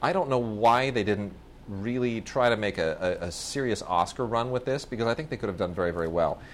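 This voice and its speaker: A podcast host with a lowish voice reviews films in a casual, enthusiastic chat, talking fairly quickly and often restarting his sentences. There's a little hiss or hum on the recording.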